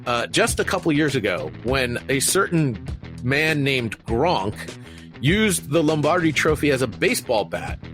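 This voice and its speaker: A man reads a sports news roundup in a wry, mock-newscaster manner. His voice is of middling pitch, and music plays clearly underneath. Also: big pitch swings, unhurried. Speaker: podcast host reading news segment.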